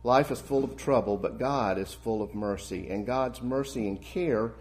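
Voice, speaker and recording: A male preacher delivers a sermon in an earnest, pastoral way. His voice sits in an ordinary middle pitch for a man. He climbs into emphatic peaks on key points and then falls back to quiet, gentle phrases. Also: normal speed.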